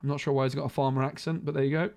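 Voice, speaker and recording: A man's voice: medium pitch, flat delivery, very fast, vocal fry, a little mellow. A man streaming a casual card review, thinking aloud with frequent restarts.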